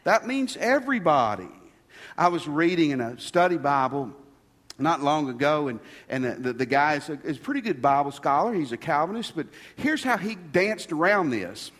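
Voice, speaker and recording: A man's voice: on the high side, animated, moderate pace, fairly bright tone. A man preaching a sermon as pastor, stressing his points by repeating key phrases. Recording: long reverb of a large hall.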